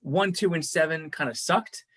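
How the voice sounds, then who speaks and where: A man's voice: fairly high pitch, normal speed, a bit bright. A man co-hosting a podcast, chatting casually about a series, rambling and repeating words as he thinks. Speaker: podcast co-host reviewing a series. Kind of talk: casual chat.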